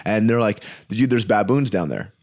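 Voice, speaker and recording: A man's voice: fairly low pitch, animated, normal speed, darkish tone. A man, a comedian guest, telling stories in casual chat, acting out quotes with yelps and laughter.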